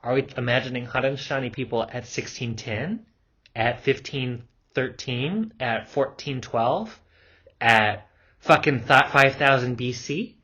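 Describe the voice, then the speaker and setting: A man's voice: medium pitch, measured pace, pushed and bright, husky. Casual, swearing male lecturer. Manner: casual, swearing, frequent ums. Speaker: anthropology lecturer. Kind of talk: recorded lecture. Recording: dull lo-fi recording.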